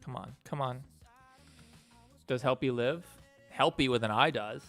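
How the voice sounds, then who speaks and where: A man's voice: medium pitch, a little slow, fairly bright tone, soft background music. A man livestreaming while he builds a game, chatting and thanking donors as he works. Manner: rambling, thanks donors mid-work. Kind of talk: casual livestream chat.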